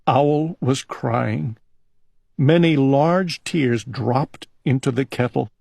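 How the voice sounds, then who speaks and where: Very slow, breathy man reading aloud. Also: mid-range voice, no room sound. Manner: calm, gentle, unhurried reading. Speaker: storyteller. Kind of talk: storybook reading.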